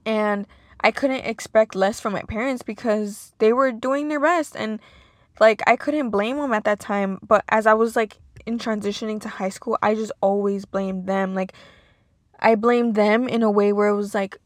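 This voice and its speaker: A woman's voice: mid-range voice, fairly even intonation, moderate pace, no room sound, studio quality. A young woman hosting a podcast, talking casually and emotionally about her past with lots of "like"s. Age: young adult. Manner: casual, emotional, filler-heavy with many "like"s. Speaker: podcast host. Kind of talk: personal monologue.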